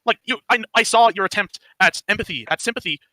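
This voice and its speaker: High, bright-voiced man, hurt and emotional. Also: quick pace, no echo, poor audio. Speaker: former group member. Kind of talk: emotional voice-chat confrontation.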